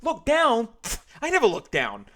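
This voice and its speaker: A man's voice: very high-pitched, huge pitch swings, normal speed, bright, forceful tone, voice pushed up, full character voice. A man reading aloud and voicing a flustered, defensive middle-aged man who was caught ogling, protesting in a whiny, indignant tone.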